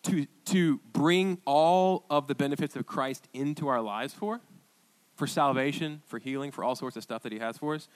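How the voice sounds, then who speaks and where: A male pastor preaching a sermon, telling a story with lively quoted voices and emphatic, conversational delivery. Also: mid-range voice, normal speed.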